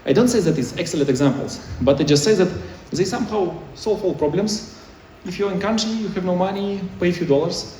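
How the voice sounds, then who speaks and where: A man's voice: high voice, lively intonation, a little fast, hardly any pauses, a little mellow, a little hiss or hum. A man giving a conference talk in choppy, non-native English, with many restarts. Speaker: conference speaker. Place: conference hall. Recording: echoey hall, mic far off.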